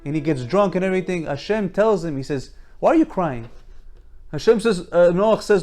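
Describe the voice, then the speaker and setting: Man, high-pitched voice, informal Torah lecture, emphatic, rhetorical questions, restarts. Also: lively intonation, normal speed, darkish tone. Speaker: Torah teacher.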